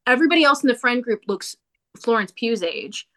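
A woman talking casually about a movie she watched, animated and opinionated, with quick asides. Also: a little high. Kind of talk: casual movie review chat.

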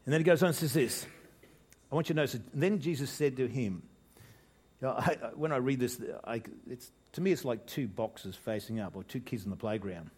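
Speaking a little fast with a breathy edge, an Australian man preaches from the pulpit in a mid-range voice that grows loud on key words. As pastor, he cracks jokes and abandons and restarts sentences, keeping the sermon relaxed and lively.

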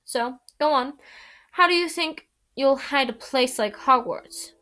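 A woman voicing a loud, casual teenage boy. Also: high-pitched, a little slow, pitched above the performer's own voice. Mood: teasing.

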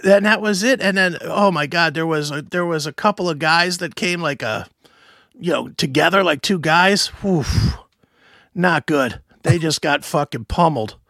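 A man co-hosting a show, telling a story in casual chat, animated and swearing, acting out other voices. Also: on the high side, moderate pace, no echo, studio quality. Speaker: podcast co-host.

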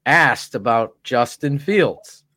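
Man, sports show co-host, heated profane rants, unhurried drawl, lively pitch. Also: no echo, clean studio sound. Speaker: podcast co-host. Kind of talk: casual sports talk show. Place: podcast studio.

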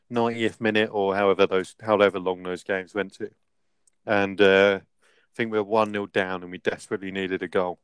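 A man's voice: fairly low pitch, clean tone, no echo. A young man casually telling a rambling anecdote as podcast co-host, laughing often. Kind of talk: casual storytelling.

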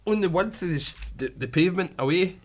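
A man's voice: high voice, quick pace. A young Scottish man with a Glasgow accent, swearing and telling stories in casual chat. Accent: Glaswegian Scottish. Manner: swearing, storytelling, lively.

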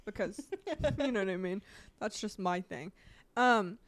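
A woman's voice: mid-range voice, a little slow. Chatty woman with mixed British-American accent. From England. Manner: animated, laughs often, rambling asides. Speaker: podcast co-host. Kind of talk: casual chat.

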